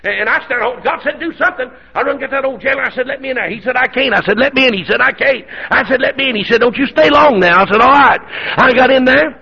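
An older preacher tells a sermon story in a folksy, animated way that breaks into sudden shouts. His voice sits high and sounds husky and gravelly. The recording is dull and lo-fi. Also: fast, hardly any pauses.

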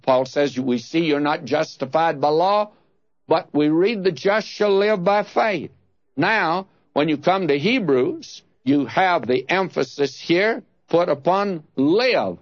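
A man delivers a Bible teaching at an unhurried pace, his pitch rising and falling widely as he leans on key words. His voice sits a little high for a man. The recording is dull, lo-fi and dry. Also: animated, no room sound. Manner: deliberate, stresses key words, reads scripture aloud with rising emphasis.

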